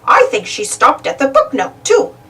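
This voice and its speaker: A woman's voice: high-pitched, wildly swooping pitch, normal speed, fairly bright tone, distant mic, voice pushed up, exaggerated voice. A woman voicing a friendly, chatty bicycle shopkeeper, a little away from the mic.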